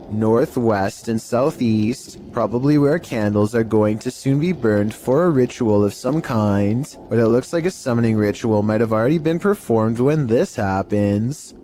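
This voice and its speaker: A man reading scripted narration for a compilation of eerie clips, in an even, measured delivery. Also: medium pitch.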